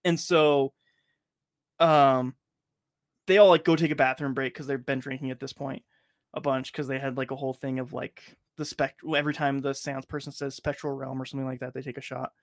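A man's voice: mid-range voice, little pitch movement, fairly quick, no room sound, clean studio sound. Rambling, profane male podcast host. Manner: rambling, profane, lots of filler words. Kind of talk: casual chat.

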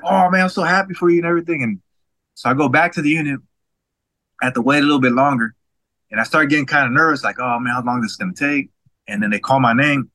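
A man in his forties tells a personal story at a brisk clip, his voice bright and ringing. He stammers and restarts, then jumps into the voices of people he quotes. The sound is dry and close-miked, with faint music underneath. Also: medium pitch, no echo, rough recording. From Washington State, USA. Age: 40s. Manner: animated, acts out others' quoted lines, frequent stammered restarts. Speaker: guest.

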